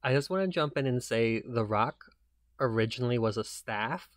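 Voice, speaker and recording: A man's voice: mid-range voice, expressive, moderate pace, dry recording, clean studio sound. A man hosting a podcast in casual chat, chatty and self-deprecating, with many fillers. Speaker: podcast host and author.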